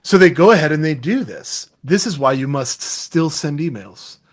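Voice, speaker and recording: A middle-aged man giving a sales masterclass, energetic and acting out sample phone calls as he teaches. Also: fairly high pitch, moderate pace. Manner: energetic, acts out calls and quotes. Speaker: sales trainer. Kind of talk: masterclass talk.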